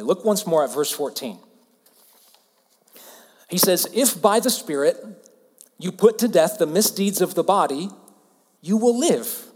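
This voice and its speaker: A man in his thirties from Alabama with a Southern US accent, preaching a sermon earnestly and dropping to hushed softness for emphasis. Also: sits high, animated, unhurried, long pauses, long reverb tail. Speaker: pastor.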